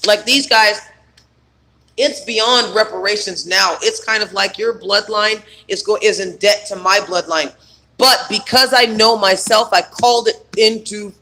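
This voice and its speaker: A man's voice: sits high, bright, forceful tone. A man coaching on trauma healing in a rambling, emphatic spiritual self-help monologue full of fillers.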